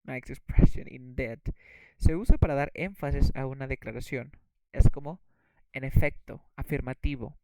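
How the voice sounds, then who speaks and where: A man's voice: medium pitch, a little fast, darkish tone, no echo, poor audio. A man whose first language is Spanish, teaching English vocabulary and often checking in with "okay?". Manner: repeats words, checks in with "okay?". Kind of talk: bilingual lesson explanation.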